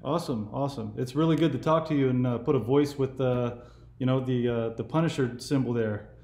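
A man's voice: medium pitch, a little fast, darkish tone. Easygoing man in his forties, roomy sound. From California. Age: 40s. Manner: easygoing, meandering talk. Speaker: YouTube host. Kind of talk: casual phone conversation.

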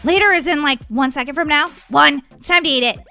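High bright-voiced woman doing family roleplay, bratty and shouty. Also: soft background music. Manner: bratty, teasing, quick to shout. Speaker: gaming channel host playing Molly. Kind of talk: family role-play over game footage.

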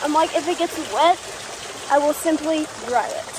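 A woman's voice: sits high, normal speed, noisy background. A woman vlogging to her phone in casual chat, rambling and jokey, laughing often and swearing. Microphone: phone camera.

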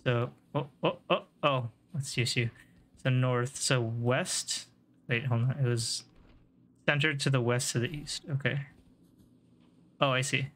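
Bright-voiced laughing male streamer. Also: mid-range voice, measured pace, long pauses. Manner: jokey, laughs often, swears, teases chat. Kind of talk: casual live gameplay commentary.

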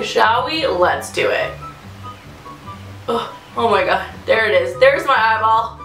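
A woman's voice: fairly high pitch, expressive, slow, fairly bright tone, roomy sound, faint music behind, low-quality recording. A young woman doing a casual makeup tutorial at home, chatting nervously and giggling, poking fun at herself. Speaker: beauty vlogger.

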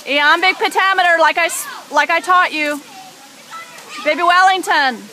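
A woman's voice: extremely high pitch, moderate pace, pushed and bright, a little hiss or hum, low-quality recording. A mother filming her small son in an outdoor garden, coaxing and teasing him in a playful way. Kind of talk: casual home video chat. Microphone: handheld camera mic.

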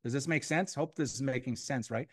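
A man delivers a motivational sales training to a live audience in a room, energetic and repetitive as he hammers key points and acts out sample phone calls. His mid-range voice moves fairly quickly.

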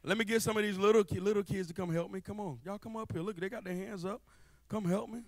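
A young man preaching a lively sermon in church. He jokes and calls out to the congregation in a casual, playful way. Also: sits high, quick pace, no room sound. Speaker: guest preacher. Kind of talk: lively church sermon with spoken-word rap. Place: church sanctuary before a live congregation.

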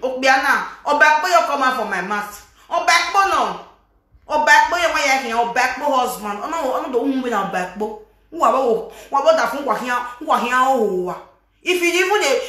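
High, bright Nigerian Pidgin woman vlogger. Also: roomy sound. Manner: animated and scolding, mixing Pidgin with a local language. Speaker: gossip vlogger. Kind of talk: casual commentary on gossip.

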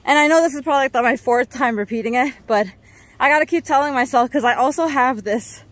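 A fairly high-voiced woman talks to her handheld camera as she climbs a mountain trail outdoors. She is worn out and short of breath, and keeps letting out nervous, breathy exclamations. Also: fast, no room sound. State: tired and out of breath. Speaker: vlogger. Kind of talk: casual vlog narration while hiking.

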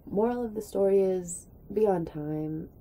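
A young woman telling a rambling story in a casual vlog, acting out what people said in a higher voice. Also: unhurried, mellow, a little hiss or hum, rough recording. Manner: chatty, rambling, acts out quotes in a high voice. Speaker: vlogger.

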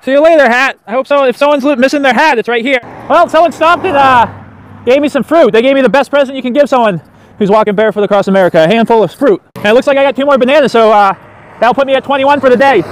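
A man's voice: very high voice, fast talker. A man vlogging as he walks along a road outdoors, talking in a playful, rambling way full of jokey asides into a handheld camera. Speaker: vlogger walking across the country. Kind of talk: goofy walking vlog. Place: roadside outdoors.

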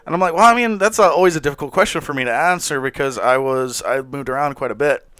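A man's voice: medium pitch, fairly even intonation, fast, fairly bright tone, smooth, dry recording. A man co-hosting a podcast in casual chat, with an American accent that mixes northern and Southern, rambling, swearing casually and laughing often. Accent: American, mix of northern and Southern. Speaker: podcast co-host.

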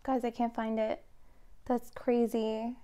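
Woman, young adult, tarot reader, casual reading to camera, excitable, rambling, filler-heavy, slightly high-pitched. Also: slow.

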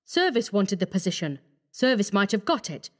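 A woman voicing a frightened young male medical student, hoarse and pleading desperately. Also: mid-range voice, very animated, moderate pace.

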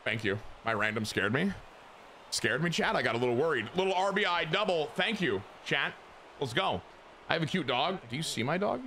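A young man streaming a baseball video game, giving crude, excitable commentary that jumps into high squeals. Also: normal speed, a little hiss or hum. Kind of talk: casual gameplay commentary.

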